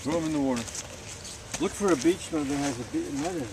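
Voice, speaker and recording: An older grandfather telling a small child an animal story in a gentle, coaxing way, outdoors. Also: a little high, fast, distant mic, noisy background. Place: outdoors in woods.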